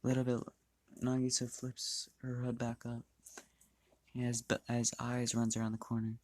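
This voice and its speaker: A man's voice: medium pitch, completely flat delivery, a little slow, a little mellow. A man casually narrating a fan-made story, rambling, restarting lines and swearing freely.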